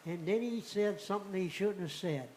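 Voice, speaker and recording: An older man, a returning radio guest, telling a personal story in a folksy, animated way and acting out the dialogue. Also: high-pitched, normal speed, slight background noise, rough recording.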